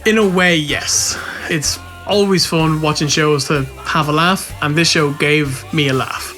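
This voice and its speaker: A man's voice: a little high, fairly even intonation, unhurried, pushed and bright, faint music behind. A man co-hosting a casual review podcast, laughing through loose, sweary banter. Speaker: podcast co-host.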